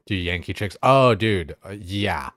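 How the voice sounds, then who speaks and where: A man's voice: low voice, animated, a little slow, a bit bright, no echo, clean studio sound. A young man streaming a game, chatting casually in a crude, rambling way full of fillers and swearing. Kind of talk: casual chat while gaming.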